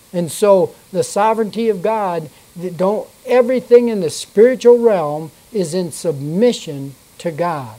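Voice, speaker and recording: Slow, mellow-voiced Bible teacher. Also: mid-range voice, expressive, low-quality recording. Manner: unhurried, reads from notes and corrects itself aloud. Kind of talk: reading scripture aloud and explaining it.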